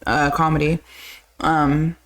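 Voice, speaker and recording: A woman's voice: low-pitched, level tone, slow, a bit bright. A woman, co-hosting a movie review live stream, bantering in a playful, joking way. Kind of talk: casual chat.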